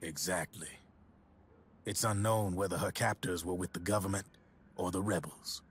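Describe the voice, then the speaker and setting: A man voicing a laid-back male arms dealer in a game, speaking in a wry, relaxed way. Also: sits low, moderate pace, breathy edge. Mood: grim. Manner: relaxed, wry, sometimes hushed.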